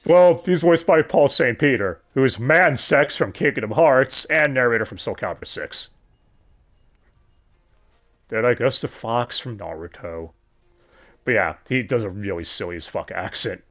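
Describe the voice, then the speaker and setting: A man hosting a casual livestream chat, animated, swearing freely and laughing often. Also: medium pitch, a little slow, long pauses, soft background music. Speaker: podcast host.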